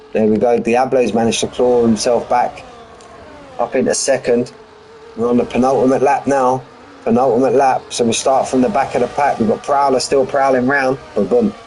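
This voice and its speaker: A man's voice: mid-range voice, moderate pace, darkish tone, slight background noise, rough recording. Chatty man calling a race. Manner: chatty, rambling, jokey. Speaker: sim racing commentator. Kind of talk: live race commentary.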